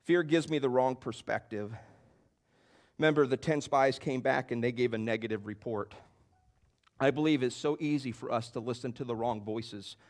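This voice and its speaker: A man's voice: mid-range voice, normal speed. A man preaching a sermon as pastor, emphatic and repetitive, with bursts that rise in force.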